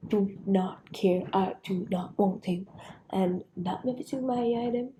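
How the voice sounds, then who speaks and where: A woman's voice: mid-range voice, unhurried, noisy background. A young woman vlogger telling a personal story in a rambling, frustrated way, sometimes dropping into a whisper.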